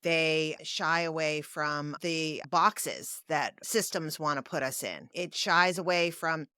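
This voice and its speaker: A woman therapist on a podcast, talking slowly and affirmingly, often murmuring agreement. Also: sits low, sharp tone, clean tone, no echo, studio quality. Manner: slow, affirming, lots of mm-hmms. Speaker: therapist guest. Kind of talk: casual podcast conversation.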